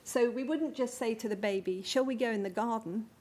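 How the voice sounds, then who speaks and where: A woman's voice: on the high side, a little fast, darkish tone. Woman giving a careful academic lecture. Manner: explanatory, careful, with fillers and restarts. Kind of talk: academic conference talk. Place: conference venue.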